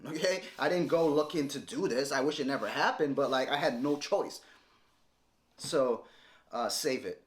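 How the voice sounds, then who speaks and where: A man's voice: medium pitch, moderate pace. A man in his thirties talking straight to camera in a confrontational, repetitive rant aimed at his ex-partner. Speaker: vlogger responding to an ex-partner.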